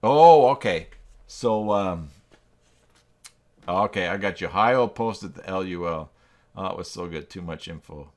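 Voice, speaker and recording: Low-voiced man chatting on a live stream. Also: expressive, unhurried, long pauses, darkish tone. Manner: thinks aloud, reacts to chat, self-deprecating. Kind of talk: casual live-stream chat while working.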